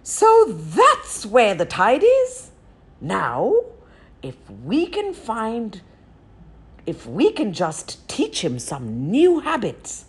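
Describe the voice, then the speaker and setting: A woman's voice: wildly swooping pitch, extremely slow, breathy edge, full character voice. A woman storyteller voicing a sly, persuasive male raven, a trickster who coaxes in a raised, cheeky voice. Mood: coaxing. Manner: coaxing, cheeky, high-pitched.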